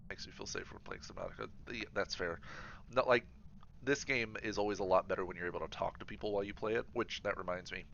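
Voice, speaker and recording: A man's voice: on the low side, quick pace, vocal fry, a bit bright, slight background noise. A man streaming a game, chatting casually and rambling with many fillers and restarts. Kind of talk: casual chat while gaming. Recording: slightly dull livestream audio.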